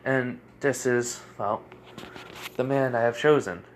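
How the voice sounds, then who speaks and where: A man's voice: medium pitch, takes it slowly, slight background noise, lightly acted. A man voicing a stern female general, curt and impatient, in a fan story.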